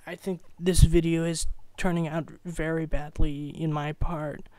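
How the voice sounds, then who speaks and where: Slow stammering low-energy young man. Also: flat delivery, darkish tone, clean tone, no echo, low-quality recording. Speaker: amateur commentator. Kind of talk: casual rambling commentary. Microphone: old cheap microphone.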